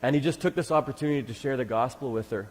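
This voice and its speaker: A man's voice: mid-range voice, rapid-fire. Enthusiastic man telling a church story. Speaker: ministry leader speaking at church. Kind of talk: church testimony talk. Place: church sanctuary. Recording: long hall reverb.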